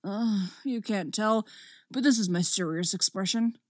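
A woman voicing a grumpy, brooding male puppet who speaks in a low, growling tone in a read-aloud story. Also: measured pace, no echo, clean studio sound, natural voice.

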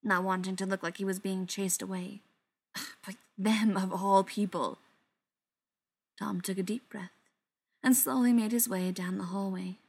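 Woman narrating a novel with hushed passages. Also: mid-range voice, unhurried, vocal fry, husky. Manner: steady, dramatic reading with soft, hushed passages. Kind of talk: audiobook narration.

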